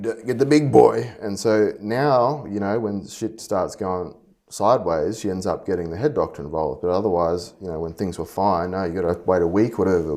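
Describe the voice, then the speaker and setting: A man telling a personal story in a rambling, halting way, frustrated and full of fillers and restarts. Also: deep voice, mellow. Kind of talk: casual personal monologue.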